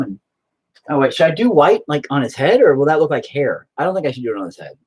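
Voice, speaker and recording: Husky, swearing young man. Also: medium pitch, sing-song, brisk, pauses often, a little mellow. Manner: self-deprecating, swears constantly, talks to his painting. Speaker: painting video host. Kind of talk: casual chat while painting.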